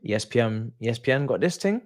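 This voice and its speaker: A young man is hosting a live football watchalong. He rants in exasperation to his viewers, his pitch jumping high and dropping low. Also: fast. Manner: exasperated, animated ranting with laughs. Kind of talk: casual live-stream rant.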